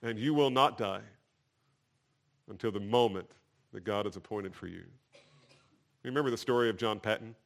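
A man's voice: fairly low pitch, moderate pace, vocal fry, long pauses. A man preaching a sermon. He reads verses with rising fervor and explains them in a conversational aside. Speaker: pastor.

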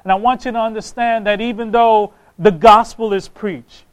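A man's voice: sits high, steady tone, moderate pace, smooth, rough recording. A man preaching a sermon, impassioned, reading scripture aloud and repeating phrases for emphasis.

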